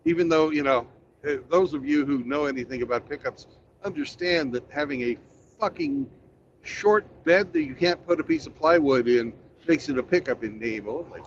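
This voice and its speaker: A man's voice: on the high side, moderate pace, slight background noise. A man hosting a casual chat, crude and sarcastic in his banter. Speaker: host. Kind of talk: casual chat while driving. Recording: dull lo-fi sound with faint ambience.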